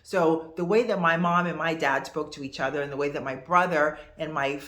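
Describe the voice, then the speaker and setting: A woman in her fifties teaching to camera in a casual, expressive, conversational way. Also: low-pitched, brisk, echoey room. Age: 50s. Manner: expressive, conversational, animated asides. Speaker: host.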